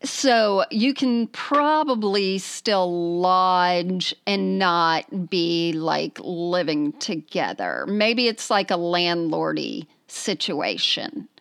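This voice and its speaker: A woman's voice: on the low side, expressive, drawn-out words, hardly any pauses, fairly bright tone, clean tone, dry recording. A woman co-hosting a podcast in casual, playful chat, often laughing. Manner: chatty, giggly, playful. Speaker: podcast co-host.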